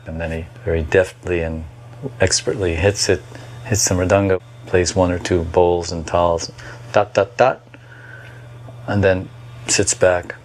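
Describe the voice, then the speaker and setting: Low, steady male voice, measured reminiscence, light hum in the background. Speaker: devotee recalling memories. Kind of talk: reflective recollection.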